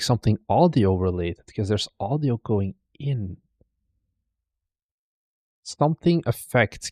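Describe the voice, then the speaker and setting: A man's voice: fairly low pitch, darkish tone, no echo, studio quality. A man hosting a stream, casually commenting and teasing as he looks through viewers' desk setups. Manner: chatty, teasing, thinks aloud. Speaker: streamer host. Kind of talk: casual commentary reacting to videos.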